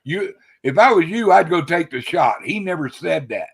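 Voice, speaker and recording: A man arguing in a casual chat, gruff and swearing, cutting in on the others. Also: fairly high pitch, lively intonation, moderate pace. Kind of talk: heated political argument.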